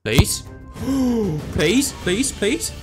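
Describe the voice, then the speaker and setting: Swearing young gamer over loud music. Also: male voice, high voice, drawn-out words. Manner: swears often, swings from flat mutters to excited yelps. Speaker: gaming YouTuber. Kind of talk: reactive gameplay commentary.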